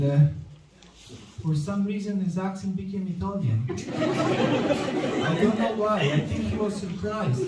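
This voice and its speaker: A man with a high voice does a stand-up set and tells his story in short, flat, matter-of-fact sentences. He is heard from a distance in an echoey club room. There is a faint hiss underneath. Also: slow pace, pauses often, crowd noise. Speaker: stand-up comedian. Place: comedy club stage with a live audience.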